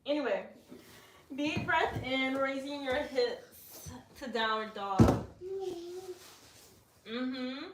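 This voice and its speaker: A woman leading a casual guided yoga class at home, giving relaxed cues with joking asides. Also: high voice, very slow, long pauses. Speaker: yoga instructor. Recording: echoey room, mic far off, faint noise.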